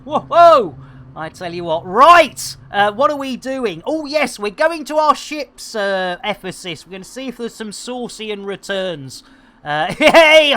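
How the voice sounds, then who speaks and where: A man chatting while streaming a game, rambling and joking with slang, giving lively shout-outs to his viewers. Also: fairly high pitch. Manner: chatty, jokey, rambling, full of British slang. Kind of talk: live-stream game commentary.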